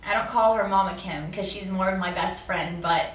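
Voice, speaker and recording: A woman's voice: medium pitch, normal speed. Young woman host, heartfelt vlog talk, mid-range voice, distant echoey camera audio. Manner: earnest and heartfelt. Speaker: vlogger host. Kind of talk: personal video message. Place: seated indoors. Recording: roomy echo, distant mic, faint room noise.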